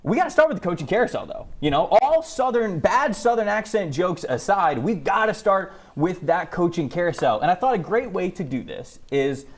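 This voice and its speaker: A man hosting a studio sports talk show, upbeat and jokey with a lively delivery. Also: on the high side. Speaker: show host. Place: studio set.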